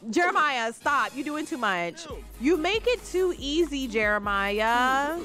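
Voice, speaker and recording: A young woman giving slangy, expressive, profane commentary over a life-sim game. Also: high-pitched, slow, soft background music. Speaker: gaming channel host. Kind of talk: casual gameplay commentary.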